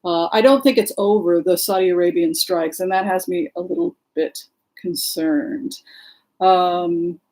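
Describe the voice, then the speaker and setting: A woman's voice: lowish voice, unhurried, darkish tone. A woman hosting a casual livestream, greeting viewers by name and talking with many fillers and restarts. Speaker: livestream host and tarot reader.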